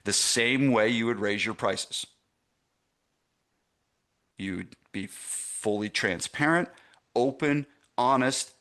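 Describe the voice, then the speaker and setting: Taking it slowly with long pauses, a middle-aged man leads a live online masterclass for gym owners as a gym business coach. His voice is medium in pitch and fairly bright, and he emphasizes points while checking in with listeners.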